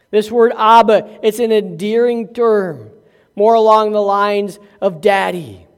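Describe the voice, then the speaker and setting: Older male pastor, high-pitched, emphatic slow preacher in a reverberant hall. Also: fairly even intonation, smooth. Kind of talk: sermon.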